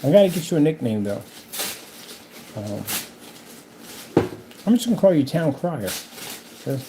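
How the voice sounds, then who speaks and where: A man's voice: fairly high pitch, big pitch swings, unhurried, long pauses, background noise. A man hosting his own channel, talking casually and teasingly in a rambling, repetitive way while he paints at home. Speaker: channel host. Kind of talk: casual trash-talking monologue.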